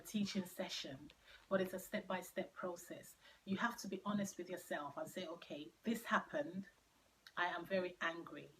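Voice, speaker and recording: A woman's voice: mid-range voice, a little hiss or hum, poor audio. A middle-aged woman giving an earnest faith-based teaching talk, repeating key phrases for emphasis and sinking to near-whispers on painful words. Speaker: Christian speaker sharing her testimony.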